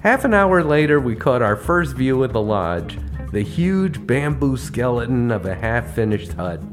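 A man spins comic travel stories for his podcast, landing each punchline wryly. His pitch is middling but moves a lot, rising and dropping as the jokes build. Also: very animated, unhurried, over music. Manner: wry, punchline-driven delivery. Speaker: podcast host. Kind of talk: comedic travel storytelling.

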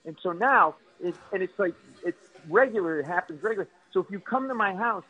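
Animated middle-aged comedian telling stories. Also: male voice, sits high, quick pace, slightly rough, highs cut off. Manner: animated, exaggerated, self-mocking anecdotes. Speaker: stand-up comedian guest. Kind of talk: comic storytelling on radio.

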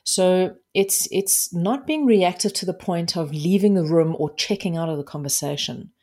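A woman's voice: on the low side, normal speed, darkish tone. A woman from South Africa, a relationships coach, talking directly and plainly in a podcast interview.

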